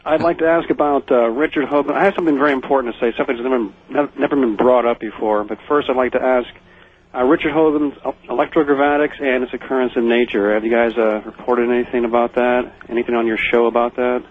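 A male caller on a phone line, asking questions in a rushed, insistent way. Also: mid-range voice, fairly even intonation. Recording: tinny phone line with faint hiss.

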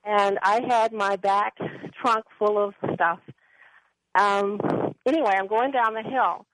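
A woman's voice: medium pitch, fairly even intonation, slow pace, background noise. A woman caller telling a rambling personal story, laughing now and then, heard over a phone line. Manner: chatty, rambling, laughs often. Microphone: telephone.

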